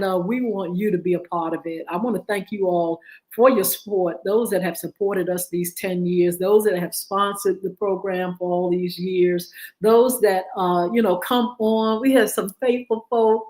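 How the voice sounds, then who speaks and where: A woman's voice: mid-range voice, poor audio. Preachy woman radio show host. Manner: preachy and exhortative, with repetition. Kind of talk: talk radio monologue.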